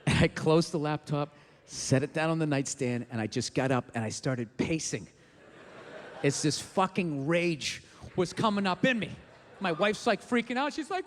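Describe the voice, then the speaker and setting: A man's voice: on the high side, expressive, normal speed. A male stand-up comedian on a club stage, ranting and swearing in exasperation. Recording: live hall reverb, faint noise.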